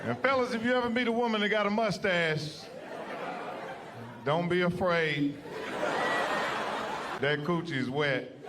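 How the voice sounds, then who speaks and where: High-voiced crude stand-up comedian. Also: male voice, measured pace, long pauses, a loud crowd. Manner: crude, rowdy storytelling full of profanity. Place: large theater stage with a live audience. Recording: reverberant live hall, audience noise.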